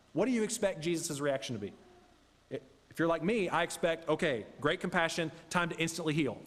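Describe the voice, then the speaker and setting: A man delivering a sermon in a church, his fairly high voice ringing out with a long reverb tail behind it. He reads scripture aloud and then unpacks it earnestly for the congregation. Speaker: preacher. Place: church sanctuary.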